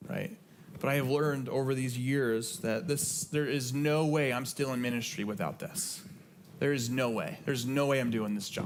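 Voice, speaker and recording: A man's voice: medium pitch, a little hiss or hum. A middle-aged man, a pastor, preaching a sermon in an earnest, conversational way and repeating key phrases for emphasis. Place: church sanctuary.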